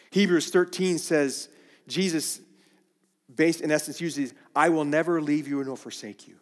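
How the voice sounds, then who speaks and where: A man preaching a sermon, slow and deliberate, often restarting his phrases. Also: a little high, in a large hall.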